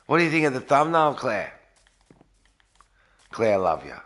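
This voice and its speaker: A man live-streaming a game early in the morning from a garage, talking quietly and sleepily while reading out chat. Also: medium pitch, very animated, normal speed, pauses often. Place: garage with echo.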